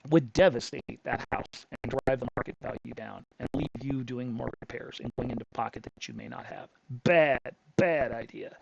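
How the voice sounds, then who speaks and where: A man's voice: medium pitch, gravelly, a little hiss or hum, poor audio. A middle-aged man hosting a crypto channel, telling a story in a blunt, rambling way with frequent restarts. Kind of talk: casual storytelling monologue.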